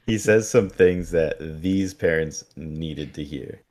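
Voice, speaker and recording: Speaking slowly in a low, slightly mellow voice, this male podcast co-host gives a casual episode recap, animatedly performing the characters' lines.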